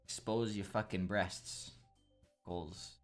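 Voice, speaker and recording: A man's voice: low-pitched, steady tone, slow, soft background music. A young man commenting on a game in a rambling, crude and joking way, swearing often. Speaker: gameplay commentator. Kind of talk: casual gameplay commentary.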